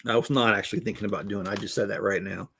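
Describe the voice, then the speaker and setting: A man's voice: fairly low pitch, pushed and bright, husky. A man in his fifties hosting a casual live stream, chatting with viewers in a rambling, jokey way and chuckling often. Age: 50s. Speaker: host building LEGO sets while reading viewer chat.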